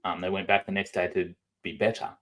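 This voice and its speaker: A man's voice: low-pitched, little pitch movement, fairly quick, a bit bright. An Australian man, a podcast guest, talking casually with a mouth-half-shut drawl and lots of ums. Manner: says um a lot, talks with a drawl and barely opens his mouth. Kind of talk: casual conversation.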